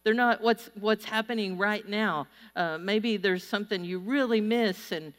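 A woman pastor giving a sermon to a large congregation, telling stories in a lively, conversational way. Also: mid-range voice, measured pace. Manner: storytelling, animated and conversational. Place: church auditorium before a large crowd. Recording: long reverb of a large hall.

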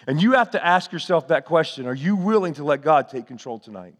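Preacher guy, kinda high voice, church echo trailing off, asks the crowd stuff back and forth. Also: lively intonation, brisk, hardly any pauses. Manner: preacher's call-and-response, rising and falling delivery. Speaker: pastor. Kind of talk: sermon.

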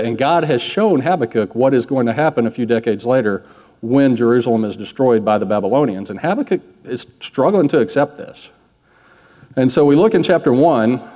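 Male pastor, mid-pitch, relaxed conversational sermon, long hall reverb. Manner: candid, self-deprecating, conversational preaching.

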